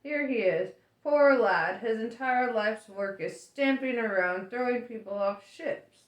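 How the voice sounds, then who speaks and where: A woman voicing a glib, quick-thinking male space traveller, talking in a smooth and persuasive way. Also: on the high side, lightly acted. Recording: roomy echo.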